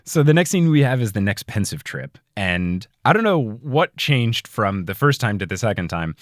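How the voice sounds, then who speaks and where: A man's voice: fairly low pitch, very animated, normal speed, no room sound. A man in his late twenties hosting a podcast in a studio, chatting casually and laughing often. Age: 20s. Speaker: podcast host. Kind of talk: casual chat.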